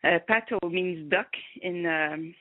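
A woman's voice: on the low side, slow, noisy background. A woman with a Quebec French accent, a native French speaker, talking playfully with many fillers as a guest in a phone interview. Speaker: interview guest, horseball player. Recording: tinny phone line.

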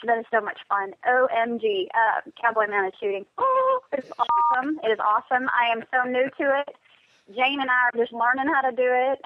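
A woman's voice: medium pitch, dry recording. Bubbly woman on a muffled phone line. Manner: bubbly, effusive, gushing. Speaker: guest country singer. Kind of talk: casual radio interview.

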